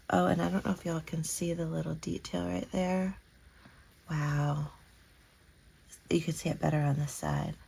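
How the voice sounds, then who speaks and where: A woman's voice: low-pitched, fairly even intonation, measured pace, gravelly, mellow, slightly rough. A woman from Kentucky, chatting casually and gushing as she hosts a crafting unboxing vlog. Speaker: crafting channel host.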